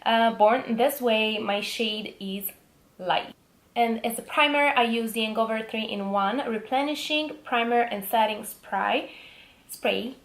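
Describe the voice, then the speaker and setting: A woman's voice: a little high, unhurried, roomy sound. A young woman with an Italian accent, chatting enthusiastically about makeup products in a casual beauty vlog, with frequent ums. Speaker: beauty vlogger.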